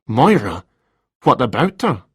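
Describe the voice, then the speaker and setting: A man's voice: mid-range voice, big pitch swings, unhurried, breathy edge, no room sound, studio quality, full character voice. A man doing a flustered, rambling writer. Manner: hesitant, rambling and defensive. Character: nervous, flustered middle-aged male writer.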